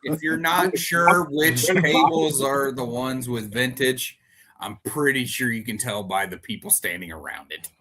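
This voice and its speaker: A man's voice: medium pitch, unhurried, bright, forceful tone, poor audio. A man co-hosting a podcast in casual chat, dropping wry and crude jokes. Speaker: podcast co-host.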